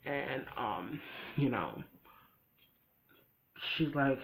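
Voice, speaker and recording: Rambling young man with a gravelly voice. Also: mid-range voice, sing-song, fairly bright tone, low-quality recording. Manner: rambling, full of "like" and "you know", quick acted quotes. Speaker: video host recapping a cartoon episode. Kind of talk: casual recap vlog.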